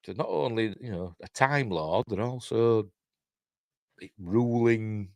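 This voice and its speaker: A man's voice: lowish voice, normal speed, no room sound, clean studio sound. An older man with a Yorkshire accent hosting a live-stream news show, reading entertainment stories aloud with chatty, rambling asides and self-mocking jokes.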